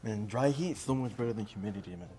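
A young man co-hosting a podcast, easygoing in casual chat with quick reactions. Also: fairly low pitch, mellow, a little hiss or hum. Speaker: podcast co-host.

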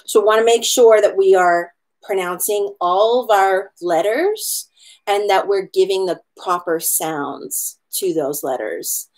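A woman leads an online hula lesson in a friendly, talkative way, with a voice of ordinary middle pitch. She encourages her students and slows right down whenever she spells out words letter by letter. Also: darkish tone. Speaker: hula instructor. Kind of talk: online class lesson on pronunciation.

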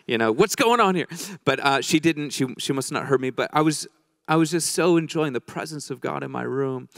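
A man's voice: on the high side, fairly bright tone, no room sound, clean studio sound. A man preaching a sermon in a conversational, joking way, telling a story and acting out the people in it. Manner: conversational, joking, acts out quoted voices.

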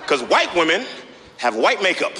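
A man doing a stand-up set on a big studio stage, quick, playful and self-mocking. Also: high voice, very animated, heavy background noise. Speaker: stand-up comedian. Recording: loud studio audience and music.

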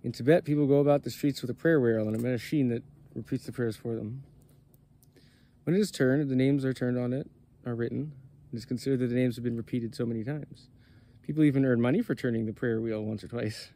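A man giving a steady, earnest devotional reading at a spiritual gathering. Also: mid-range voice, a little fast. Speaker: reader of scripture at a satsang.

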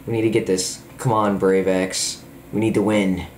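A man giving excited, jokey gameplay commentary, full of exclamations. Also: on the low side, moderate pace, reverberant, a little hiss or hum. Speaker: gamer.

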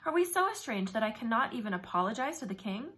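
A woman's voice: fairly high pitch, sing-song, quick pace, a bit bright. A woman reading a storybook aloud and voicing a scheming, cruel male god who purrs sly taunts. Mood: mock-friendly.

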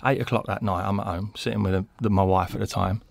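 A man, a former footballer, telling animated anecdotes on a podcast and acting out the people he quotes. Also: on the low side, quick pace, creaky, no echo. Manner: animated storyteller, acts out quotes, laughs mid-story. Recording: dry close mic in small studio.

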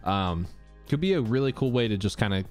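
A man's voice: fairly low pitch, animated, brisk, darkish tone, soft background music. A man hosting a casual podcast interview, asking rambling questions with many fillers. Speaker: podcast host.

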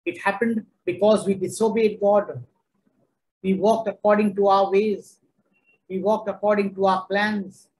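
A man's voice: high-pitched, steady tone, unhurried, darkish tone, low-quality recording. A man preaching a sermon, emphatic and repetitive, driving each point home.

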